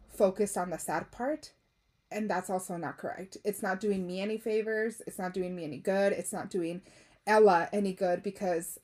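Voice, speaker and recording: A woman's voice: mid-range voice, a little mellow. A young woman hosting a podcast, talking candidly and emotionally, dropping Spanish phrases and swearing. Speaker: podcast host. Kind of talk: casual confessional chat.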